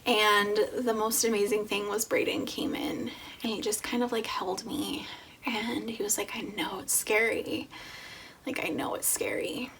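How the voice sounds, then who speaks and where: A young woman talking casually in a pregnancy vlog, chatty and full of "like", with soft breathy asides. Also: mid-range voice. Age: young adult. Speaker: vlogger.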